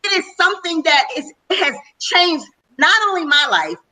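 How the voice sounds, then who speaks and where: A woman's voice: very high-pitched, very animated, normal speed, sharp tone, rough recording. A middle-aged woman giving an enthusiastic, chatty testimonial as a speaker on a webinar panel call.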